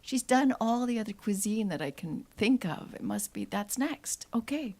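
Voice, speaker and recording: A woman's voice: fairly high pitch, lively intonation, normal speed, vocal fry, dark tone. A woman at a live open mic, telling a rambling personal story off the cuff and acting out family talk. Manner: rambling, laughs often, acts out family talk. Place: live venue.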